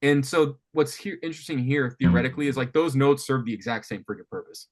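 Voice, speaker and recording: A man coaching a student on writing guitar riffs, thinking aloud with lots of restarts and animated talk. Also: mid-range voice, fast. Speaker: music coach. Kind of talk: teaching songwriting on a call. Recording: faint guitar music behind.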